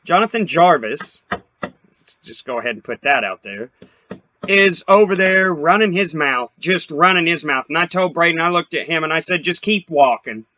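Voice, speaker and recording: A man's voice: a little high, lively intonation, normal speed, pushed and bright, no echo. A young man hosting a podcast, telling a story in a profane, heated, rambling way. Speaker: podcast host. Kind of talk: casual storytelling rant.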